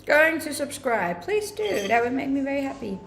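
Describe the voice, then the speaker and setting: Soft music plays behind a young Scandinavian woman as she chats casually on a live stream, answering viewers' comments upbeat and laughing frequently. Her voice is high, fairly bright and fairly quick, with lively intonation, and her English mixes accents with a Scandinavian tinge from her native language. The recording echoes roomily.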